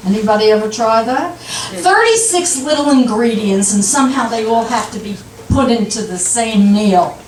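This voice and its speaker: An older woman doing a stand-up comedy set, delivering punchlines in an unhurried deadpan way. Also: on the high side, a little hiss or hum. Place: comedy club stage. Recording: echoey club from a distant mic.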